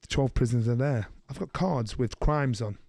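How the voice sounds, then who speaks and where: A middle-aged man, co-hosting a podcast, telling a story in a lively way and slipping into the voices of the people he quotes. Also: medium pitch, moderate pace, vocal fry, no echo, clean studio sound. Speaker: podcast co-host. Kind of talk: casual storytelling chat.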